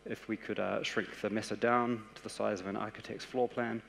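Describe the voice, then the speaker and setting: A man with a New Zealand accent giving a conference presentation, explaining ideas in a steady, practical way. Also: lowish voice, gravelly, slight background noise. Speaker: conference speaker. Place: large conference hall. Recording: echoey conference hall.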